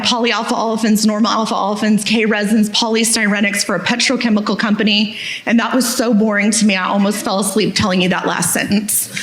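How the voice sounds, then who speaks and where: A woman giving a candid, self-deprecating talk on stage, telling her story with humor. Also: medium pitch. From Texas. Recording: echoey hall.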